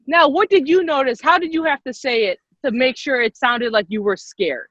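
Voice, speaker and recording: A woman leading an online public speaking workshop on a video call, lively and quick-talking, encouraging the participants. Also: sits high, dry recording. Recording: dull lo-fi video call audio.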